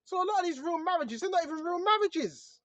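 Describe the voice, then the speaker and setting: A man's voice: very high-pitched, racing, a bit bright, no echo, lo-fi sound. A man giving a casual religious monologue to his viewers, talking conversationally and often tossing in "bro" and "right?". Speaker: online preacher.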